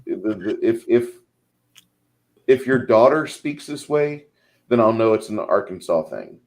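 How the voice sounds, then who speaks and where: Male co-host with a lowish voice, loose and rambling, casual chat delivery. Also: lively intonation, measured pace, darkish tone, rough recording. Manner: rambling, lots of "like".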